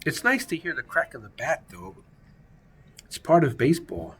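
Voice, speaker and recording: Male gaming host, gravelly voice, casual joking play-by-play for a baseball sim. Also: a little high, sing-song, moderate pace, a bit bright. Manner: playful, jokey, chatty commentary.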